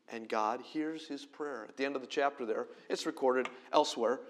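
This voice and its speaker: A middle-aged man, a pastor, preaching a conversational sermon that swings between loud emphasis and quiet, close delivery. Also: mid-range voice, moderate pace.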